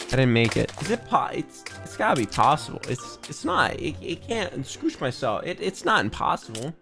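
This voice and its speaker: A man's voice: on the high side, very animated, moderate pace, gravelly, few pauses, music in the background. A young man giving goofy, rambling let's-play commentary from his home office, often stumbling over his words. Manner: goofy, rambling, self-aware jokes, frequent stammered restarts. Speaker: gaming YouTuber.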